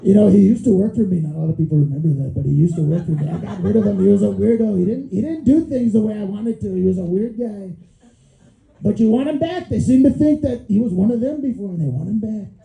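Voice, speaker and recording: A man's voice: sits high, animated, fast talker, gravelly, warm tone. A man doing a stand-up impression of a boastful, rambling male president who praises himself. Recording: echoey room.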